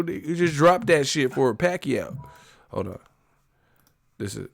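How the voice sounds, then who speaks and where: A man hosting a casual live stream, loud and profane, laughing and joking with his viewers. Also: medium pitch, big pitch swings, moderate pace, creaky, long pauses.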